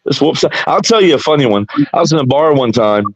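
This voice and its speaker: A man's voice: medium pitch, brisk, no room sound, muffled recording. A man from South Carolina telling a bar fight story in casual, profane podcast chat. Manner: profane, animated storyteller acting out quotes. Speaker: podcast co-host.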